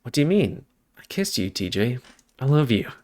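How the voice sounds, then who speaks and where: A man's voice: mid-range voice, sing-song, moderate pace, darkish tone, pitched above the performer's own voice, close to an everyday voice. A man voicing a young male otter in a visual novel, intense and swearing when he gets upset. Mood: earnest. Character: young male otter, earnest then angry.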